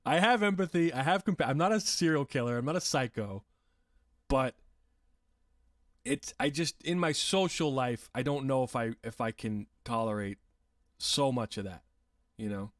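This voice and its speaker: A man's voice: mid-range voice, moderate pace, pauses often, no room sound, clean studio sound. Rambling man streamer, distant mic. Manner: rambling, self-deprecating, laughs often, swears. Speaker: livestream host. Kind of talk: casual livestream chat, reading viewer comments.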